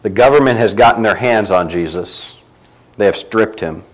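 A man preaching a sermon, reading scripture aloud and swinging between loud emphatic lines and quiet low ones. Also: moderate pace, low-quality recording.

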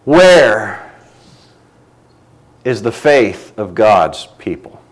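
Guy preaching a sermon, voice jumps all over, gets loud then drops way down quiet. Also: drawn-out words, low-quality recording. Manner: animated, swinging from loud emphatic lines to quiet low ones; reads scripture aloud with rising emphasis.

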